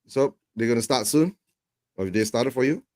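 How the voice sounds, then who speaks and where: A man chatting casually over a video call while watching football, relaxed and quick to laugh. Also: medium pitch, slight background noise. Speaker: guest co-watcher.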